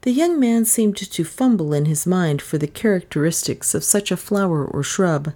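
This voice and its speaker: Low-pitched woman reading a story. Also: lively intonation, moderate pace, dark tone. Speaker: narrator. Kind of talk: audiobook narration.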